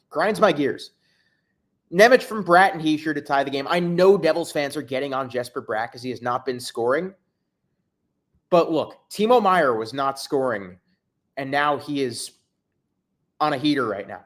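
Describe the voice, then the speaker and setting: A man hosting a sports podcast on his own, exasperated and ranting. His voice sits high and swings widely, dropping to low mutters and then jumping into loud outbursts. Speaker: podcast host. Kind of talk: solo sports podcast rant.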